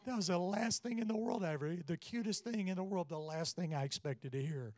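A man's voice: on the high side, moderate pace, no room sound. A middle-aged man preaching, telling stories from family life and acting out the voices in his anecdotes. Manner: storytelling, animated when quoting. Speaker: pastor. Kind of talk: sermon.

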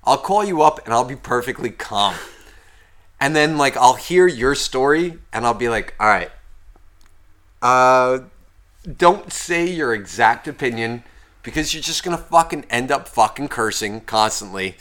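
A man co-hosting a casual podcast, swearing constantly and acting out his phone calls in loud rants. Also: medium pitch, expressive, measured pace. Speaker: podcast co-host.

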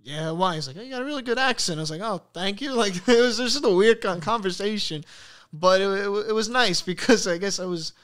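A man's voice: high voice, normal speed, smooth. A young man with a heavy Brooklyn Italian American accent, chatting casually as a podcast guest and laughing often while telling stories. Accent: Brooklyn Italian American New York. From New York. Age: young adult. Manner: laughs often, animated storytelling. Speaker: guest content creator.

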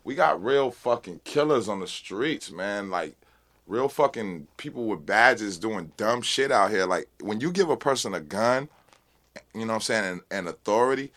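A man being interviewed as a rap guest, talking casually and with passion, full of street slang and repeated "you know what I'm saying", while high. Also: lively intonation, normal speed, fairly bright tone. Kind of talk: casual unfiltered interview talk.

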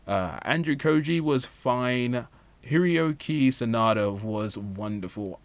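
A man's voice: mid-range voice, no echo. A man giving a casual, opinionated film review, talking freely with lots of "like" and "you know" fillers. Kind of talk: casual movie review monologue.

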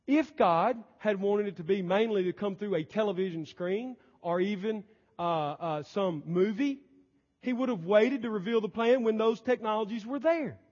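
A male pastor preaching a sermon emphatically, his volume swinging between loud and soft. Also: sits high, moderate pace. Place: church sanctuary. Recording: dull lo-fi church recording with long reverb.

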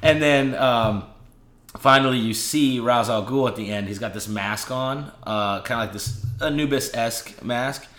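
A man's voice: mid-range voice, a little slow, fairly bright tone, reverberant. A man co-hosting a casual podcast, enthusiastically describing comic panels and quoting characters with lots of "like". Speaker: podcast co-host. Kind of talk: casual comic book chat.

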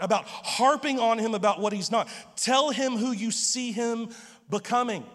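A man's voice: extremely high pitch, moderate pace, fairly bright tone, in a large hall. A man preaching a sermon as pastor, stammering through restarts and joking asides.

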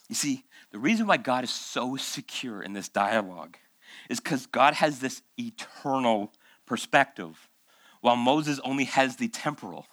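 Guy preaching at church, bright punchy voice, asks the crowd a lot of questions, dry close sound. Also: mid-range voice, no echo. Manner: conversational preaching, rhetorical questions, acts out quoted voices. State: recovering from months of illness. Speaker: pastor. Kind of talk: sermon.

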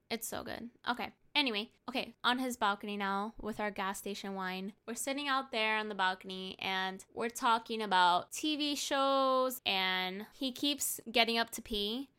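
Young woman, tipsy storyteller, exasperated and profane, smooth bright higher voice. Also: unhurried. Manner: exasperated, profane, animated retelling. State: tipsy from drinks. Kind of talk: casual storytime chat.

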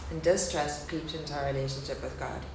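Speaking a little fast in a low, steady voice, a woman in her thirties shares an earnest, candid testimony of loss before a faith gathering. The live-audience hall echoes, and a faint hum runs underneath.

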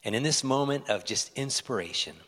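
A man's voice: mid-range voice, lively intonation, brisk, fairly bright tone. A man preaching a sermon as pastor, earnest and pleading with his congregation. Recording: long reverb of a large hall.

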